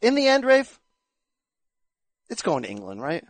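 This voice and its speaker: A man's voice: sits high, wildly swooping pitch, a little slow, no echo. A man hosting a casual boxing chat show, joking and bantering with his co-host. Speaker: podcast host.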